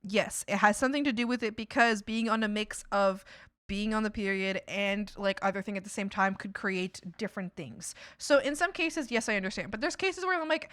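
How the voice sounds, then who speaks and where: A woman's voice: medium pitch, fairly quick, fairly bright tone, smooth, no room sound, clean studio sound. Chatty young woman ranting on stream. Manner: chatty, ranting, sarcastic, laughs often. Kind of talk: casual stream chat.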